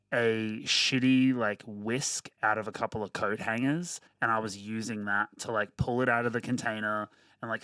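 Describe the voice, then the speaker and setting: A man's voice: fairly low pitch, fairly bright tone, clear, resonant tone, dry recording. Man, middle-aged, podcast host, casual, profane, dry recording. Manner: loose, profane, storytelling.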